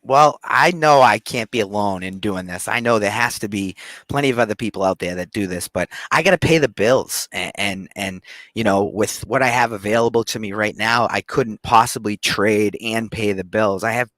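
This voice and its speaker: Low-voiced Boston man, upbeat and folksy. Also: normal speed, fairly bright tone, no room sound. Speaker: guest trader presenting a show. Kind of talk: casual livestream talk.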